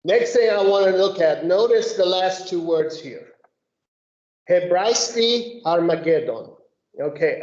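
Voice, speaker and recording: A woman leading a group Bible study, explaining slowly and methodically and often checking in with "okay?". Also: fairly low pitch, darkish tone. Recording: echoey room, dull lo-fi sound.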